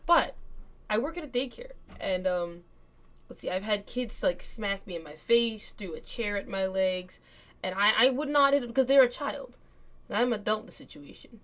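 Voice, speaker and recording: Young woman streamer, excitable and chatty, reads game text with quick asides, mid-range voice. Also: medium pitch. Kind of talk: let's play game commentary.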